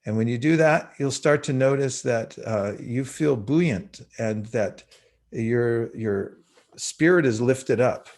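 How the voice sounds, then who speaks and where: A man in his sixties giving a guided spiritual talk over a video call, teaching in an unhurried, measured way with frequent pauses. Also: mid-range voice, a little mellow. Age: 60s.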